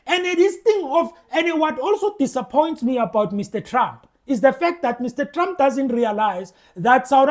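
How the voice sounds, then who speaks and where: A man's voice: very high-pitched, darkish tone. A South African man giving passionate political commentary to his viewers, stammering through restarts and speaking straight to the audience. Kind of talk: opinionated commentary to camera.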